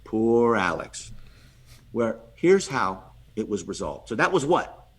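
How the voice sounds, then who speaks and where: A man, a podcast guest, telling a lively story and acting out the voices of the people in it, often restarting and repeating words. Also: on the low side, takes it slowly, husky. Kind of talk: animated storytelling.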